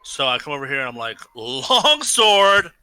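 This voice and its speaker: A man playing a tabletop game, joking around and exclaiming loudly when things go wrong. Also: medium pitch, level tone, racing, smooth. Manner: jokey, exclaims, swears when frustrated. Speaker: player.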